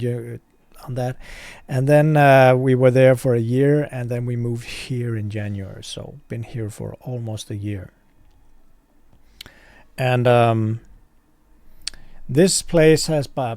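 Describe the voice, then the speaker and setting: A man's voice: medium pitch, creaky, a little mellow, no room sound. A man from Denmark, a shop owner talking to his viewers in a candid, rambling, self-deprecating vlog from his warehouse. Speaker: online hobby shop owner. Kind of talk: casual vlog talk to viewers.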